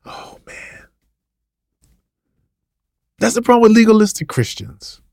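A man's voice: high-pitched, big pitch swings, slow pace, creaky, a little mellow, no echo, clean studio sound. A man preaching an impassioned, ranting sermon, full of repetition and rhetorical questions.

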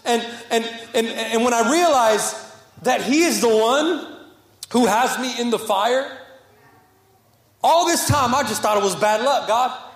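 A young man, a pastor, preaching a passionate sermon to a congregation, repeating phrases and moving between fervent rises and soft, quiet passages. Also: very high-pitched, unhurried, reverberant. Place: church sanctuary with congregation.

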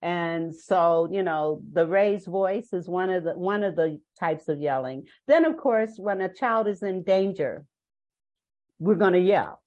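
A woman's voice: fairly low pitch, animated, unhurried, darkish tone, dull audio. An older woman, a parenting guest on a podcast interview, who speaks in an earnest, emphatic storytelling manner.

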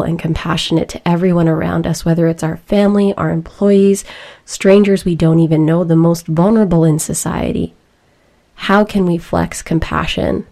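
A young woman with a slightly low voice speaks in a reflective personal talk. She is earnest and emotional, and she chooses her words slowly and deliberately. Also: gravelly, dark tone.

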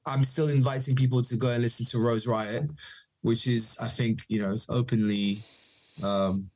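A man born in Israel sits in on a relaxed podcast chat. He tells stories with animation, slipping into other people's voices as he goes. His voice sits in the middle of the range. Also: mid-range voice, normal speed. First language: Hebrew. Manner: animated storytelling, acts out quoted voices, laughs often. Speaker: podcast guest, DJ and producer. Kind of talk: casual chat.

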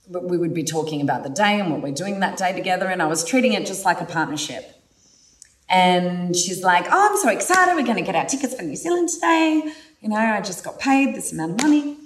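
Candid woman telling personal stories. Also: lowish voice. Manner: candid, animated, swears freely. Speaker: podcast host. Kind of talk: casual personal storytelling. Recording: roomy sound from a distant mic.

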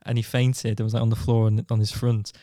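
A man's voice: on the low side, flat delivery, a little fast, warm tone, dry recording, studio quality. Laughing, sweary man telling stories. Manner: laughs through rowdy anecdotes, sweary. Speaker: podcast co-host. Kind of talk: casual banter.

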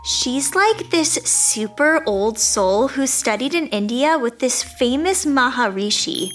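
Uma atriz interpreta uma atriz vaidosa e egocêntrica que narra o seu diário numa comédia em áudio, com voz aguda e muito expressiva. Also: female voice, sits high, expressive, slow, faint music behind. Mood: chatty. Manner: breezy, self-centered diary narration. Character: vain self-absorbed actress keeping a diary. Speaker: narrator and lead character. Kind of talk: comedic audio drama.

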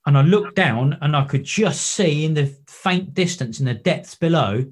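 A man's voice: fairly high pitch, normal speed, husky. A man, a wreck diver and photographer, telling stories in a podcast interview. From England. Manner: animated anecdotes with acted-out quotes.

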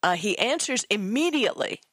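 A woman's voice: medium pitch, sing-song, normal speed, a bit bright, no echo. A woman co-hosts a tech radio show with chatty enthusiasm. She tells stories in a mid-range voice. The studio sound is dry and close. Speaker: co-host and author. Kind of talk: casual radio tech talk.

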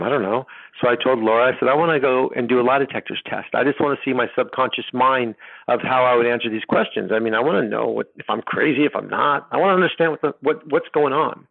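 A middle-aged man telling his personal story as a podcast guest, rambling and halting with many restarts. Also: mid-range voice, gravelly. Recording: tinny phone line.

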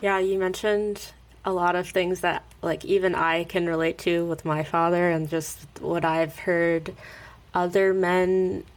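Casting: woman host, lower voice, easy conversational interviewer. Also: little pitch movement, measured pace, slight background noise. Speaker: podcast host.

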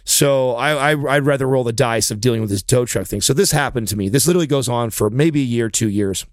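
A man's voice: mid-range voice, fairly quick, no echo, studio quality. A man telling a long story in casual chat, swearing often and getting heated as he goes. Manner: profane, animated, heated storytelling.

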